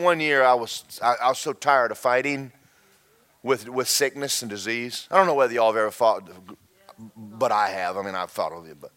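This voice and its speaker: A man preaching a sermon, folksy and animated, repeating himself and breaking into shouted asides. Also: mid-range voice. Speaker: pastor.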